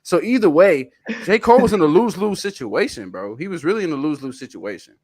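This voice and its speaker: A young man hosting a casual podcast debate, animated and argumentative, sometimes dropping to low asides. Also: fast. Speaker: podcast host.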